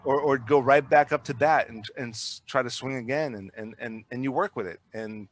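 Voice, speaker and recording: A man's voice: mid-range voice, normal speed. Rambling man telling production stories. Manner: rambling, animated, frequent restarts and repeated words. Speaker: filmmaker guest. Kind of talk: casual podcast storytelling.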